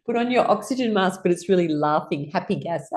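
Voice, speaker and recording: A woman's voice: on the low side, darkish tone. A middle-aged woman teaching a guided laughter exercise class, playful and laughing often as she leads rhythmic ha-ha chants.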